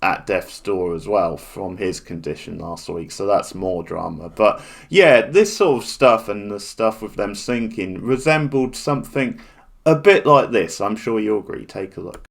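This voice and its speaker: A man's voice: fairly low pitch, expressive, unhurried, vocal fry. A man giving a casual, rambling spoken review of a TV drama, full of restarts and fillers.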